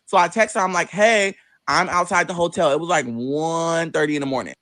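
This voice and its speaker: A man spins a personal story with lots of swearing and sudden leaps into high, mocking voices for the people he quotes. His everyday voice sits a bit high for a man. The sound is dry and close, with no room echo. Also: brisk. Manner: animated, profane, acts out quoted voices with big pitch jumps. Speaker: vlogger telling a personal story. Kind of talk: casual storytelling monologue.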